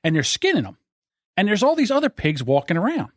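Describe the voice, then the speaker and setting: A man hosting a podcast, telling a rambling story in a lively, laughing way. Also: sits high, quick pace, no echo, studio quality. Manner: animated, laughing, repeats himself. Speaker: podcast host. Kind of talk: casual storytelling.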